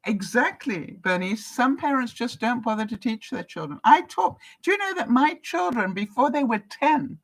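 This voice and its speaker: A woman's voice: fairly high pitch, animated, normal speed, few pauses, slightly rough, low-quality recording. An older woman from Canada talks casually to her viewers as she answers their comments. She chats along easily, laughs often and keeps asking her audience questions. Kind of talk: casual live-chat talk.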